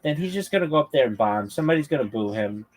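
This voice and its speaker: A man's voice: mid-range voice, lively intonation, fast. Rambling man chatting casually. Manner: rambling, many fillers, acts out crude heckler comebacks. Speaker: livestream host. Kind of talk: casual chat about stand-up comedy.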